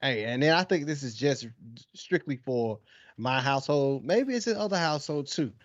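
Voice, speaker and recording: A man's voice: medium pitch, animated, moderate pace, dry recording. Slangy man with a dull dry sound. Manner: laughing, slangy storyteller, mimics his toddler. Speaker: podcast co-host. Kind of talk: casual chat.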